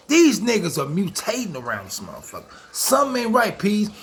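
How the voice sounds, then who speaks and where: A man holds forth on his own vlog. His voice sits high and has a gravelly edge. He tells the story loud and animated and swears freely. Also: fairly quick. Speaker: vlogger host. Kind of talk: casual storytelling rant.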